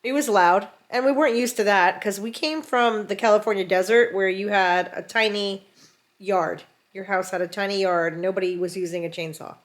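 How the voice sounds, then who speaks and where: A middle-aged woman vlogger telling a story from home in a casual, animated way, acting out what people said. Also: mid-range voice, normal speed. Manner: animated, acts out quotes. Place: home in rural mountains.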